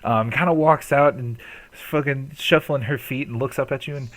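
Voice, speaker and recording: A man's voice: medium pitch, moderate pace, fairly bright tone, dry recording. A man narrating a tabletop game as game master, loose and profane, with frequent ums.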